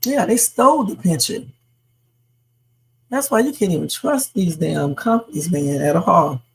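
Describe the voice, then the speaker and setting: Streamer hosting a casual news chat live; rough, husky voice, talks loosely to viewers. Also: mid-range voice, animated, a little slow, poor audio. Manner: chatty, reacts to news and reads viewer comments. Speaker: livestream host. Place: home streaming setup.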